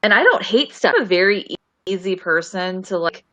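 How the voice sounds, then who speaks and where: A woman's voice: mid-range voice, animated, a little fast, sharp tone, lo-fi sound. A woman on a live review panel, blunt and disgusted with what she watched. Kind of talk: live stream review chat.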